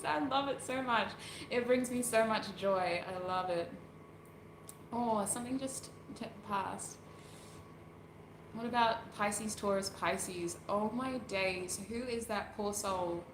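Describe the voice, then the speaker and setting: On a relaxed livestream, a woman who reads tarot answers viewer comments in a rambling, laugh-filled way while putting on makeup at home. Her voice sits on the high side, she speaks slowly with frequent pauses, and the room sounds echoey with faint noise behind her.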